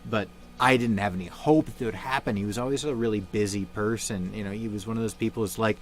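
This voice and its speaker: A young man hosting a livestream, talking in a halting, subdued way with many fillers and restarts, grieving and somber. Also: lowish voice. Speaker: livestream host. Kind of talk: casual livestream chat.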